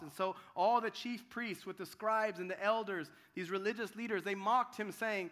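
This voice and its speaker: Pastor guy preaching, high bright voice, gets loud then goes real quiet, repeats himself a lot. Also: moderate pace. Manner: dramatic, swings from loud cries to hushed tones; restarts and repeats words while telling the story. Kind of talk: sermon.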